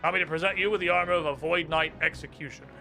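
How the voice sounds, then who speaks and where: Brief: man voicing a formal knight commander, quick and measured, bright tone, game music underneath. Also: fairly high pitch, fairly even intonation, gravelly. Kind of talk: reading game dialogue aloud.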